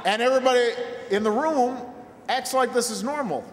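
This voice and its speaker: A man giving a campaign rally speech, telling a self-mocking story and then rallying the crowd with shouted calls. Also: very high voice, fairly quick, slight background noise. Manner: storytelling with a self-mocking humor, building into shouted call-and-response. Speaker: political speaker at a rally. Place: large rally venue full of people. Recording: echoey PA sound in a long hall with a loud crowd. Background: cheering crowd.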